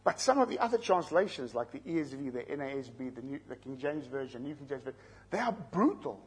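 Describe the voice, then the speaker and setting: A man's voice: mid-range voice, big pitch swings, quick pace, slightly rough. A man with a South African accent preaching an expository sermon, explaining scripture verse by verse and putting questions to his listeners. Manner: teaching, explains terms, asks the listeners questions.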